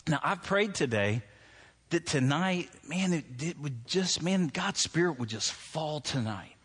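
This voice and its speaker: A man in his forties preaching a sermon in a church, telling stories and acting out his own anger in loud bursts. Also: a little high, expressive, a little slow, husky. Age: 40s. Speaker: pastor.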